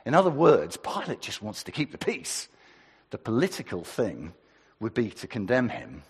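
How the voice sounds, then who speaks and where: Husky preacher in an echoey hall. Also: male voice, fairly low pitch, normal speed. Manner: lively, conversational, asks the congregation questions. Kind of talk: sermon.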